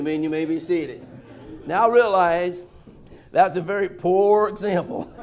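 Male pastor, high gravelly voice, folksy emphatic sermon delivery in a church. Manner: folksy, emphatic preaching with sudden loud bursts and chuckles. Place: church sanctuary.

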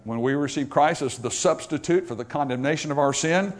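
A man preaches emphatically in a fairly high voice, a little fast, reading scripture in old-fashioned language. He alternates between loud, raised passages and quiet asides.

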